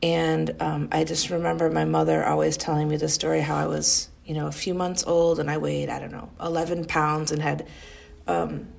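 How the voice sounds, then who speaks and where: A woman's voice: sits low, level tone, moderate pace, gravelly, darkish tone. A middle-aged woman from Wisconsin, the youngest of five, fondly telling rambling family memories in an interview. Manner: fond, rambling storytelling with frequent fillers and restarts.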